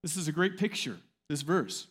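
Brief: male pastor delivering a sermon, emphatic, repeats key lines, slightly higher voice. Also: big pitch swings, normal speed, fairly bright tone, husky. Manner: emphatic, repetitive, storytelling.

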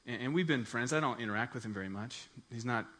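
A man preaching a sermon as pastor, telling a personal story in an earnest, animated way. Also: mid-range voice, fast.

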